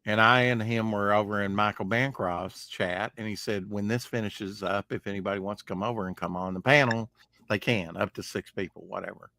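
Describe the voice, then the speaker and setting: A man's voice: fairly low pitch, steady tone, fairly quick, gravelly, pushed and bright. A man co-hosting a live stream show, chatting casually in a rambling, jokey way and trailing off mid-sentence.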